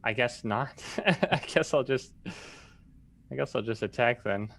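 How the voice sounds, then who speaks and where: A man's voice: mid-range voice, measured pace, gravelly, a bit bright. A man playing a tabletop game, unsure of his options and checking his abilities aloud. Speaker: player.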